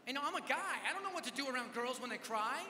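High bright guy preaching, lively self-mocking storyteller, big echoey hall. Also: quick pace, a little hiss or hum. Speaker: youth event preacher. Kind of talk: storytelling sermon. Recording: echoey hall with live reverb.

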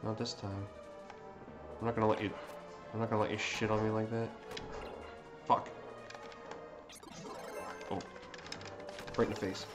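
A man giving live commentary on his own gameplay, swearing constantly and breaking into excitable outbursts. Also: fairly low pitch, measured pace, pauses often. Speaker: let's play streamer. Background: game music.

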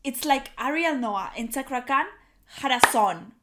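A woman hosting a reaction video, talking in an excitable, gushing way with repeated exclamations and restarts. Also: high-pitched, unhurried, heavy background noise.

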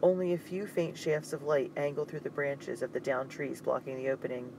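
A man narrating an audiobook in a steady, suspenseful reading. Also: mid-range voice, brisk, creaky, background noise.

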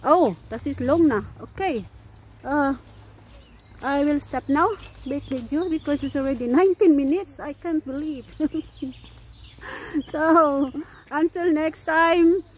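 A woman's voice: high voice, takes it slowly, darkish tone. A woman from the Philippines, vlogging casually on an outdoor walk, laughing often and restarting her sentences. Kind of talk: casual vlog chat.

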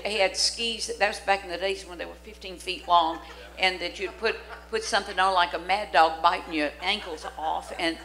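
An older woman from Louisiana, preaching a storytelling sermon in a church, dramatic and animated as she acts out the voices in her stories. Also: lowish voice, poor audio. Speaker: guest preacher. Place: church sanctuary.

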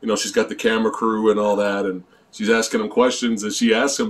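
A man's voice: on the low side, fast talker. A man co-hosting a casual movie review, eagerly retelling scenes and often chiming in with agreement. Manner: animated storyteller, frequent agreeing "yeah". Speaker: co-host of a horror movie review vlog.

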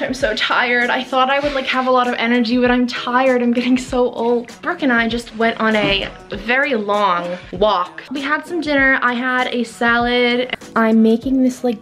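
A young woman, a college freshman, chatting casually and enthusiastically as she vlogs unpacking in her dorm room, often saying "literally" and "like.". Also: fairly high pitch. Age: young adult. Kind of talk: casual vlog narration. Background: music playing in the room.

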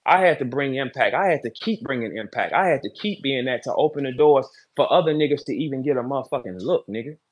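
A man, a battle rapper, giving a heated, profane rant on a live audio chat. He repeats short lines and swings between loud bursts and low, menacing tones. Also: animated, quick pace, hardly any pauses. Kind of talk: heated Twitter Spaces rant.

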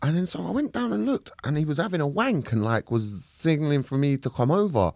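A man tells stories in a loose, casual chat. His pitch swings widely as he mimics the people in his tales, and he swears freely. The sound is close and dry. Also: a little fast, gravelly, dry recording. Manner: animated, swears freely, mimics voices in anecdotes. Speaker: podcast co-host.

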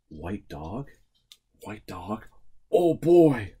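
A man teaching a remote preschool lesson, playful and animated, swinging from hushed to excited. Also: medium pitch, takes it slowly, long pauses, husky.

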